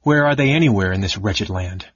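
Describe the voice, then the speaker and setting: A man's voice: on the low side, lively intonation, brisk, husky, dry recording. A man reading the part of a grieving young nobleman and knight who turned bandit, speaking bitterly and grimly. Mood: cold. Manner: bitter and grim. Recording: dull lo-fi recording.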